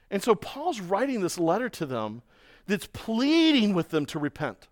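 A man preaching a sermon, telling stories in a lively way and acting out the voices of other people. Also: sits high, moderate pace. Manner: storytelling, animated, mimics voices in quotes. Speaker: pastor.

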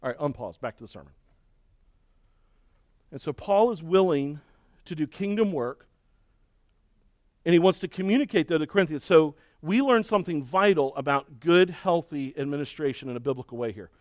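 A middle-aged man preaching a sermon and telling a story with lively, acted-out shouting and cheering. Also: on the high side, normal speed, long pauses, dry recording, studio quality. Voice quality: balding. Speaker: pastor.

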